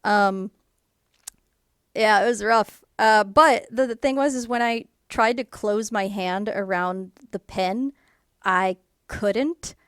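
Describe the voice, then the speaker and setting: A woman casually telling a personal story to camera in a rambling way, full of fillers, and animated when she quotes people. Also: mid-range voice, takes it slowly, smooth, dry recording, studio quality. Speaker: YouTuber.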